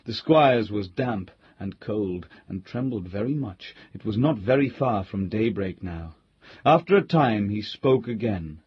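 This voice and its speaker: Husky male storybook narrator. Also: lowish voice, expressive, no room sound, dull audio. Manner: measured storytelling reading. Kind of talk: scripted audiobook narration.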